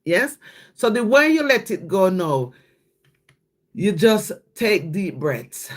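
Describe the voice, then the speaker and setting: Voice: mid-range voice, very animated, fairly bright tone. A livestream host speaking in a casual devotional chat, reading scripture and viewer comments aloud and often checking in with "yes?". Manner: slow, repeats "yes?" after each thought, thanks viewers by name.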